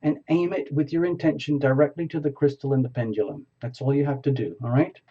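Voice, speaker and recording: A man's voice: medium pitch, steady tone, fast talker. Man giving a dull lo-fi tarot reading. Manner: improvising, talking step by step to the viewer. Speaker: tarot reader. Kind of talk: live video reading to a viewer.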